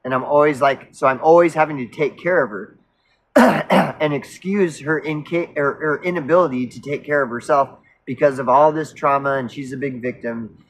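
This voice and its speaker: A man's voice: mid-range voice, moderate pace, low-quality recording. A man telling a personal story in a casual monologue, rambling and self-interrupting, blunt and outspoken. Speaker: storyteller recounting a past relationship.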